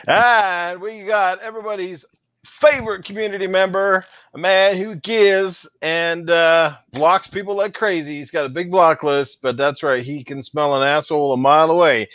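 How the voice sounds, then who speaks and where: A man hosting a casual gaming podcast, giving hyped announcer-style shout-outs to guests and viewers. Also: sits high, fairly even intonation, a little slow, dry recording, highs cut off. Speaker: podcast host.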